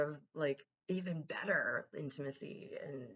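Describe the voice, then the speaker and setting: Low husky-voiced woman vlogger, lo-fi. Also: moderate pace. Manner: candid, profane, animated retelling with quoted dialogue. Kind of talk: casual confessional storytelling.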